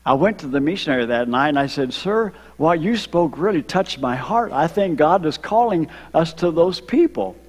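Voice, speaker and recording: An older man from Ohio, a retired missionary, telling his story to a church congregation, slowing down for emphasis and drawing in the children. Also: on the high side, lively intonation. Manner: storytelling, slows for emphasis, engages kids. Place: church sanctuary. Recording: long hall reverb.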